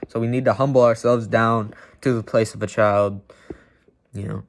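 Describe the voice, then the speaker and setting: A man's voice: mid-range voice, steady tone, moderate pace. A man reading Bible verses aloud and commenting on them bluntly and emphatically, with many "you know" fillers.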